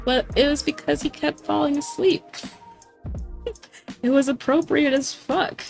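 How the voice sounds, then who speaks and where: A young woman chatting casually on a livestream, giggling often, swearing offhand and mimicking others in high squeaky voices. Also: fairly even intonation, unhurried, gravelly, darkish tone, soft background music. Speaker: streamer.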